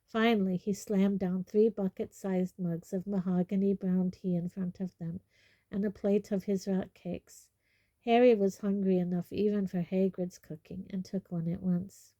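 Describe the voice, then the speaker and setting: Woman reading a fantasy chapter aloud, mellow dark voice, dry close sound. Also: mid-range voice, steady tone, moderate pace, no echo, dull audio. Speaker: audiobook reader. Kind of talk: storybook narration.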